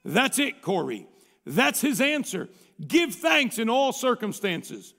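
A male pastor preaching a sermon in a conversational, folksy way, reading a story aloud and often clearing his throat. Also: very high-pitched, sing-song, takes it slowly, bright, forceful tone, big-room sound.

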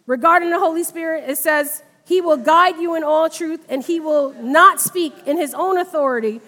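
High-voiced woman preaching in a reverberant hall. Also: normal speed. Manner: conversational, animated in retold dialogue. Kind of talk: sermon with personal testimony. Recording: long reverb of a large hall.

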